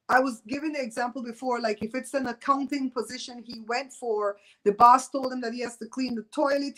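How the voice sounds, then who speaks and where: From her home, a Belizean livestreamer in her fifties chats with viewers, relaxed, teasing and opinionated. Her voice is high-pitched and a bit bright. The recording quality is low.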